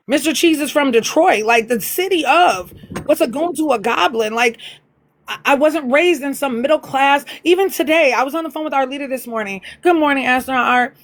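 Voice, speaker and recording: A woman hosting a livestream, talking bluntly and profanely in a fired-up rant. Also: fairly high pitch. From US Midwest, near Chicago. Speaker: livestream host. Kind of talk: heated casual livestream rant.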